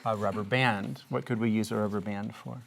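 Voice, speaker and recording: Very low, gravelly woman teaching kindergarten. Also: fairly even intonation, crowd noise. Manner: patient, asks many questions, draws out phonics patterns slowly. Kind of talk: classroom reading lesson. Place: classroom with small children.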